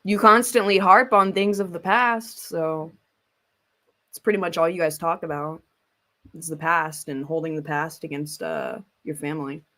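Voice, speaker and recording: A woman hosting casual reaction commentary, talking bluntly in a rambling way and swearing freely as she pauses a clip to weigh in. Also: sits low, steady tone, a bit bright. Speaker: commentary host.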